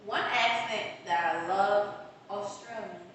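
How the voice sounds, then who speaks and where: A woman's voice: mid-range voice, takes it slowly, fairly bright tone, a little hiss or hum. A woman co-hosting a podcast in casual chat, blunt and slangy with plenty of cursing. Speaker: podcast co-host. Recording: echoey room, far from mic.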